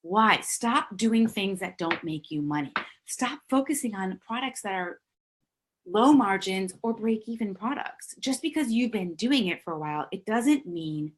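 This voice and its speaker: A middle-aged woman giving a brisk, emphatic business coaching talk on a live stream, reading out viewer comments as she goes. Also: medium pitch, expressive, background noise.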